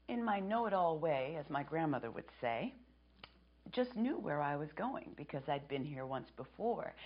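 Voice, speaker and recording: A woman in her fifties giving a sermon as a guest preacher in a church, speaking softly and reflectively and dropping to a whisper on key phrases. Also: on the low side. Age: 50s. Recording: dull lo-fi sermon recording.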